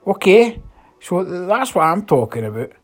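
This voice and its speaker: A Scottish football fan venting in a furious, profanity-heavy monologue. His voice is husky and sits a little high, and he pushes his points with a heated, raging edge throughout. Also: big pitch swings, moderate pace. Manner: furious, heavy swearing, ranting. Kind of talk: angry monologue to camera.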